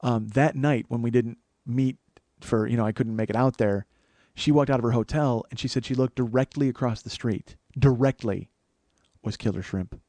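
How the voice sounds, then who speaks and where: A man's voice: medium pitch, normal speed, mellow, no room sound. A man hosting a comedy podcast, telling a long rambling story with plenty of swearing and restarts. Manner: profane, rambling, self-interrupting. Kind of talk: casual storytelling monologue.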